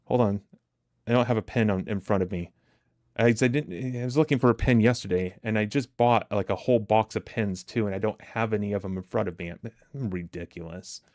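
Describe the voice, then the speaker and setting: A man's voice: lowish voice, brisk, a little mellow, no echo, clean studio sound. A man hosting a live trading stream, chatting casually with viewers in a chatty, self-deprecating way and laughing easily.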